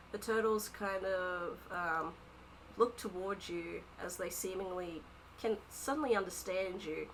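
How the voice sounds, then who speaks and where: A woman's voice: fairly low pitch, slow pace, low-quality recording. Hesitant woman game master narrating a tabletop session over faint hiss. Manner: hesitant, with frequent fillers.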